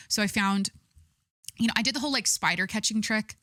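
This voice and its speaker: A woman's voice: mid-range voice, fast talker, fairly bright tone, dry recording, studio quality. A young adult woman hosting a podcast, talking casually and rambling with lots of filler words. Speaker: podcast host. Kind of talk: casual chat.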